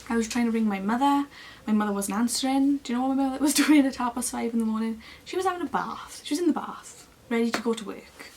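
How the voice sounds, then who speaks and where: A young woman, chatting casually to camera as she tells a long personal story in an expressive, lively way. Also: a little high, fast talker, few pauses. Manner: chatty and expressive, acting out other people's lines. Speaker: beauty vlogger.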